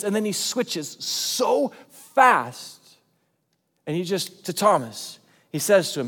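A man preaching a sermon as pastor, in a conversational, animated way. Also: high-pitched, slow, husky, long reverb tail. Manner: conversational and animated, acting out quotes.

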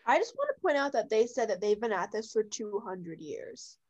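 A woman's voice: a little high, big pitch swings, moderate pace, a little mellow, highs cut off. A woman guest on a casual podcast, talking in a hesitant, tentative way.

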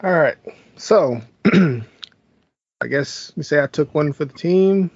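A man's voice: a little high, expressive, takes it slowly, a little mellow, slightly rough, no room sound. Chill guy going over a movie plot, dry dull mic, mid voice. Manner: laid-back, chuckling, recapping plot. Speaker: podcast host. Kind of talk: casual movie review.

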